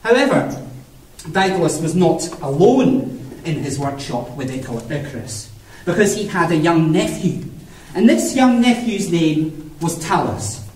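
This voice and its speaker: A man's voice: a little high, lively intonation, measured pace, distant mic, background noise. A man telling a myth to a live audience in a playful, theatrical way, often chuckling. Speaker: storyteller. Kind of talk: live storytelling for a family audience. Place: cave. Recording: echoey cave, voice from afar.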